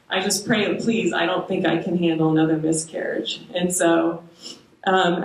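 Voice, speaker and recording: A young woman sharing a personal faith testimony with a small moms' group, hesitant, with frequent ums and soft laughs. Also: on the low side, steady tone, moderate pace. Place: church meeting room. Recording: echoey room, voice from far off.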